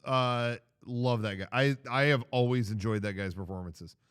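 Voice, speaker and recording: A man's voice: mid-range voice, normal speed, a bit bright, clear, resonant tone, dry recording, studio quality. A man co-hosting a casual film chat, mostly answering with short agreeing replies and adding a few remarks. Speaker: podcast co-host.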